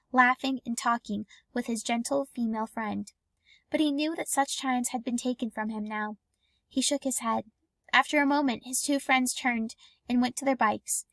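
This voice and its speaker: Woman reading a chapter out loud, kinda high voice, dry close mic. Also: gravelly, dry recording. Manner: calm, even storytelling with lightly acted dialogue. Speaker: audiobook reader. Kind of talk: scripted narration.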